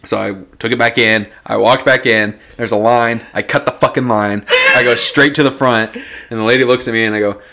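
A man's voice: mid-range voice, a little fast. A man casually telling a story on a podcast, swearing freely and breaking into laughter. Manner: profane, animated storytelling with bursts of laughter.

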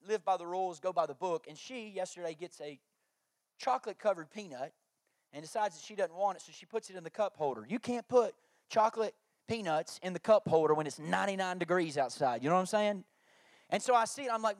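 A man's voice: sits high, fairly quick, darkish tone, dry recording, studio quality. A man, preaching a sermon through jokey family stories and acted-out quotes. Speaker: pastor.

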